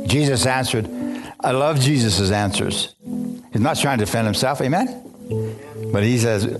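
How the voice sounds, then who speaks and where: A man preaching a sermon, reading scripture aloud and breaking off into fervent commentary, often restarting his phrases. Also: mid-range voice. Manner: fervent, repeats and restarts phrases, asks the congregation. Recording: music playing behind.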